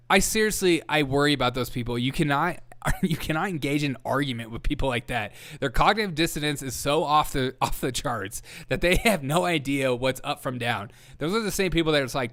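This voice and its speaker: A man hosting a satirical commentary show, sarcastic and quick to laugh at his own mocking asides. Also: fairly high pitch, fairly bright tone. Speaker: host.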